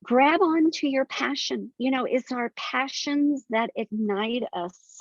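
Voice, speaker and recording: A woman's voice: high voice, slow, no room sound. An older woman, a guest author, telling detailed stories earnestly in a conversational interview. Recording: dry, slightly dull sound.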